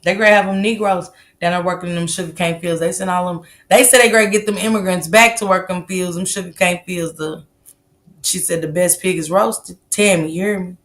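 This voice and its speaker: This livestream host, a woman from the American South, speaks briskly in a low-leaning, slightly bright voice with fairly even intonation. She chats casually, reads viewer comments, swears freely, and laughs often.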